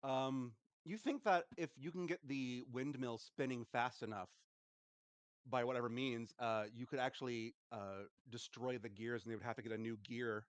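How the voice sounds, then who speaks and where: A man's voice: medium pitch, moderate pace, clear, resonant tone, dry recording. Guy gm-ing a tabletop game, playful, makes up silly names as he goes. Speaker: game master.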